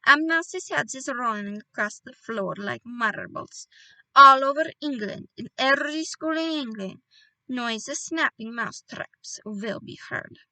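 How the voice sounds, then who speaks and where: A gloating, shouting witch queen, ancient and fierce, who mangles her grammar and crows over her plans, put on by a woman reading aloud. The voice sits high and bright, with a tight, close, dry sound. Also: animated, unhurried, no echo, full character voice, rough recording.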